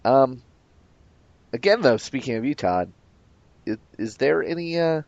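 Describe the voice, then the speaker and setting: A man's voice: medium pitch, animated, unhurried, creaky, darkish tone, no room sound. A man co-hosting a casual podcast, rambling hesitantly with lots of fillers. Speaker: podcast co-host. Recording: dull, dry lo-fi audio.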